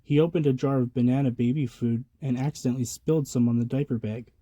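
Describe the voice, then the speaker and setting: A man with a medium-pitched voice reads a children's picture book aloud at a fast clip, raising his voice lively for the baby characters' lines. The audio is dull but has no echo.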